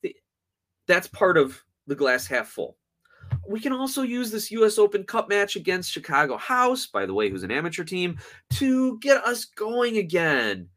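Sarcastic guy hosting a podcast, fed up and ranting, voice kinda high and swinging all over. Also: big pitch swings, moderate pace, fairly bright tone. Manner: frustrated, sarcastic and emphatic. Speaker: podcast host. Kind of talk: sports podcast rant.

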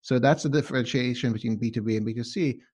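A man's voice: medium pitch, fast, darkish tone. Guest, male, hard-to-place mixed accent, casual home-office chat, conversational, checks in with "right?". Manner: conversational, says "right?" often.

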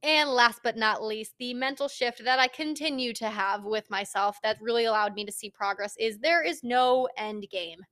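A woman's voice: on the high side, normal speed, hardly any pauses, a bit bright. A young woman hosting a fitness podcast, speaking straight to the listener in a casual, emphatic, motivational monologue and swearing freely.

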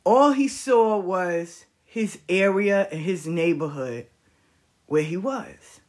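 A woman telling a story in a casual, animated way, full of slang and emphasis. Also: fairly low pitch, slow pace.

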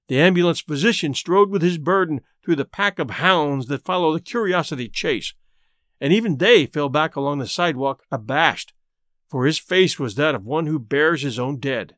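A male storyteller reading a classic short story aloud, measured and unhurried. His voice is fairly high for a man, and the sound is dry and close, with no room to it. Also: animated, a bit bright, dry recording. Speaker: storyteller and podcast host.

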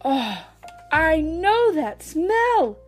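A woman voicing an excitable, jittery male gray house cat in a children's story, squealing and breathless with meows. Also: very high-pitched, very slow, faint music behind, pitched above the performer's own voice, heavily acted. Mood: delighted.

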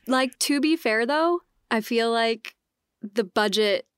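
A young woman chatting on a podcast, her voice smooth and clear. She talks in a loose, chatty way, laughs a lot and slips into a higher voice to act out quotes. The sound is close and dry. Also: takes it slowly, dry recording. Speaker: podcast guest. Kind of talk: casual chat.

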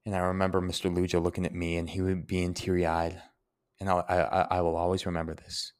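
A man's voice: deep voice, monotone, fast, a little mellow, clean tone. A young man, hosting a Q&A and answering personal listener questions in an earnest, heartfelt way. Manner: earnest, heartfelt, explains word origins. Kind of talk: reflective Q&A monologue.

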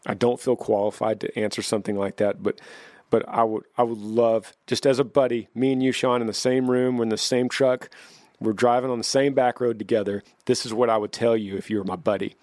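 A podcast host responds to listener questions with earnest advice, often restarting and repeating phrases as he goes. His mid-range voice stays steady in tone, moves a little fast, and sounds a little mellow on a dry recording.

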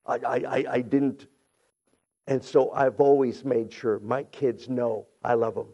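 A middle-aged man preaching a sermon who tells stories, acts out voices, repeats himself and builds to shouting. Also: medium pitch, flat delivery, unhurried. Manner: many restarts and repeated phrases. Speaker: pastor.

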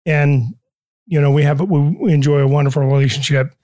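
An older man, a business owner guest in a casual interview, speaks haltingly with dry self-deprecating humor. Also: fairly high pitch, mellow, dry recording.

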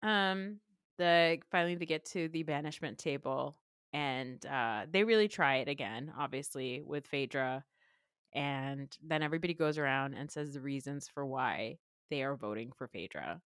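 A woman's voice: very deep voice, moderate pace, fairly bright tone, clear, resonant tone, no echo, studio quality. A woman co-hosting a podcast, chatting casually and animatedly, acting out quotes and laughing often. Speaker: podcast co-host. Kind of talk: casual recap chat.

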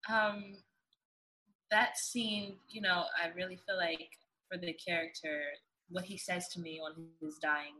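Casting note: woman actress guest, low-pitched but bright, earnest storyteller. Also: fairly even intonation, measured pace, poor audio. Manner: earnest, emotional storytelling with many fillers. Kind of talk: casual interview chat.

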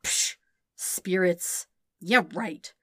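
A woman's voice: medium pitch, expressive, moderate pace, fairly bright tone, dry recording, clean studio sound. A woman voicing a sarcastic, protective teenage boy warrior who sounds emotional and sometimes grumbling. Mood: wry.

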